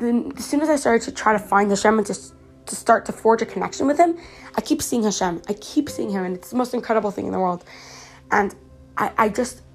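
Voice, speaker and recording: A teenage girl from Canada, slightly sick, hosting her own podcast in a chatty, earnest way with many fillers and restarts. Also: mid-range voice. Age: teens. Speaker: podcast host. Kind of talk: casual personal podcast monologue.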